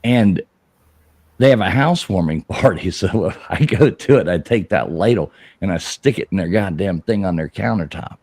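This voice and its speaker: A middle-aged man telling a rambling, profane story on a live show, laughing as he goes and shouting out the lines he quotes. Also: deep voice, animated, moderate pace, slightly rough, no echo, clean studio sound. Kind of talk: casual live-stream storytelling.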